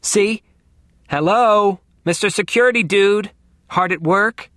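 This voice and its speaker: A man voicing a slow-witted young male computer nerd who mumbles in slang and gets excitable. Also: a little high, dry recording, clean studio sound. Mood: mocking.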